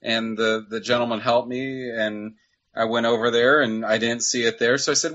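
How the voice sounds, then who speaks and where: A man hosts a podcast in a chatty, eager way, mid-pitched and talking easily. His sound is a bit dull and lo-fi. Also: moderate pace, fairly bright tone. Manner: eager, chatty, plugs the guest's site. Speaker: podcast host. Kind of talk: casual podcast chat.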